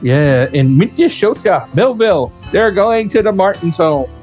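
A man's voice: high voice, lively intonation, a little slow, a little mellow, faint music behind. Chatty, rambling male show host. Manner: rambling, laughs often, many fillers and restarts. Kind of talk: casual chat.

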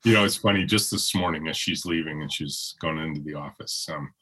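A hoarse middle-aged man with a deep, husky voice answers interview questions. He rambles reflectively, restarting sentences and leaning on fillers as he thinks aloud. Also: brisk, bright, forceful tone. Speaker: interview guest.

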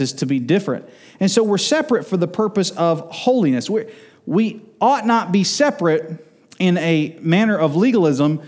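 A man's voice: sits high, a little mellow. Emphatic male preacher in a reverberant hall. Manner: emphatic, repeats words for emphasis; slows down on key phrases. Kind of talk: expository sermon. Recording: long reverb in a large hall.

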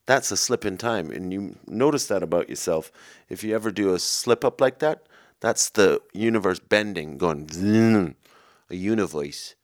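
A man who is a comedian hosting a podcast, rambling through absurd improvised chat in a deadpan way with lots of restarts. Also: sits low, moderate pace, no echo, studio quality.

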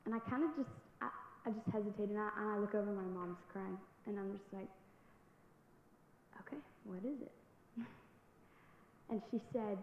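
A woman's voice: mid-range voice, vocal fry. Young woman speaker, earnest testimony style, large church room, faint background noise. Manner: earnest storytelling, breaks into laughs, rises to loud exhortation. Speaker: youth speaker giving testimony. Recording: echoey hall, dull sound, faint noise.

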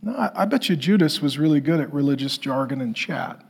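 Middle-aged male pastor, lively high preaching voice with a husky edge, jokes and acts out others. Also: brisk. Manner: animated, jokey, acts out voices. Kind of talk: sermon.

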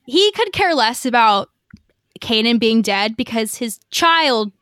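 A woman's voice: on the high side, animated, slow pace, a bit bright, clear, resonant tone, no room sound, studio quality. A woman podcast co-host giving a casual, chatty episode recap, swearing freely and acting out quotes. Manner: chatty, profane, lots of fillers and acted quotes.

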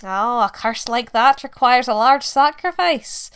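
Storybook witch, old and cunning, slow and drawn-out, as a woman narrator puts her on, slightly higher, very clear. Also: expressive, fairly bright tone.

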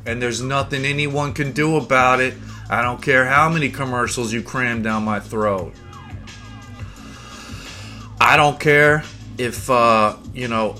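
A man's voice: medium pitch, sharp tone. A man hosting a podcast, delivering a rambling, profane, mock-boastful comedic rant. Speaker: podcast host.

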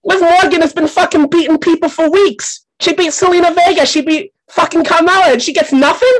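A man voicing a brash, foul-mouthed male wrestling pundit who rants profanely and yells at people off-mic in a comedic segment. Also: very high-pitched, fairly even intonation, a little fast, poor audio. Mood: ranting. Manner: profane ranting, yelling off-mic at neighbors.

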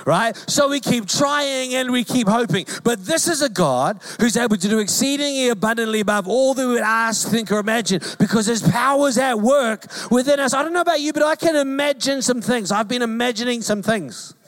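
A New pastor in his forties with a high-pitched voice gives a sermon. He talks conversationally and jokes with the congregation. He drives his points home by repeating them. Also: a little fast, hardly any pauses, a bit bright. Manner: conversational and joking, with emphatic repetition.

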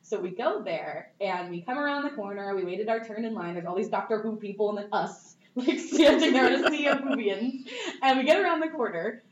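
A woman's voice: fairly high pitch, a little fast. Bubbly young woman, distant echoey mic. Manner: bubbly, animated, many "like"s. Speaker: cosplayer guest. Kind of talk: casual storytelling. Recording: echoey, dull, distant mic with faint noise.

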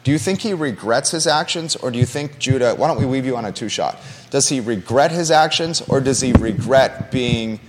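A man's voice: mid-range voice, moderate pace, long reverb tail, background noise. A man hosting a live local talk show from a studio, passionate and emphatic, often repeating his key points.

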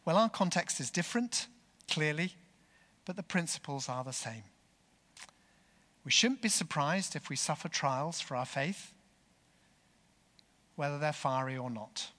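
A man preaching a sermon, telling a story in an earnest, unhurried way. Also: a little high, expressive, bright, forceful tone, big-room sound.

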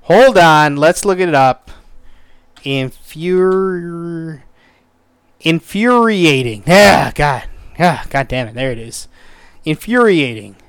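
A man's voice: a little high, animated, measured pace, vocal fry, dry recording. A man hosting his own podcast, rambling casually with lots of profanity, stumbling over words and getting exasperated. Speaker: podcast host. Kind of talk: casual solo podcast review.

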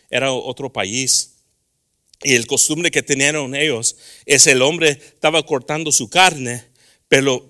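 A middle-aged man preaches a sermon in a church, his voice lively and swooping as he acts out little scenes. His tone is bright and cutting. He moves back and forth between English and Spanish. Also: a little high. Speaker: pastor. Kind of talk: bilingual sermon. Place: church sanctuary.

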